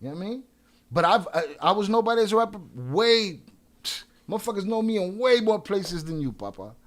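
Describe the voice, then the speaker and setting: A man hosting a live stream in casual chat. He trash-talks trolls with a lot of swearing and gives quick shout-outs full of restarts. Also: sits high, sing-song. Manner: profane and combative, trash-talking trolls.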